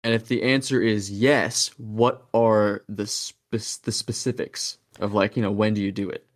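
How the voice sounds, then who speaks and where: A man's voice: on the low side, steady tone, unhurried. A man co-hosting a podcast, teasing and playfully questioning his co-host in casual chat.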